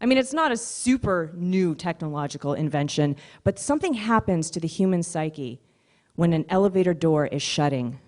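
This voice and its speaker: A woman comic on stage with a slightly low voice, telling stories in a chatty, lively way. She speeds up and slows down to land her jokes. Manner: conversational, animated storytelling. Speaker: stand-up comedian. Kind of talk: stand-up comedy set. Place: stage at a live comedy showcase.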